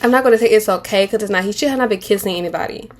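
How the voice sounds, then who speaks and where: A woman's voice: medium pitch, very fast, a little hiss or hum. A woman in her twenties giving casual commentary on a reality show, candid and slangy, rambling with restarts and mocking impressions. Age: 20s.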